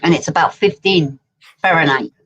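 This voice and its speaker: A woman's voice: low voice, moderate pace, a bit bright, slightly rough, dull audio. A woman co-hosting a casual livestream, chatting playfully and telling anecdotes. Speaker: livestream co-host.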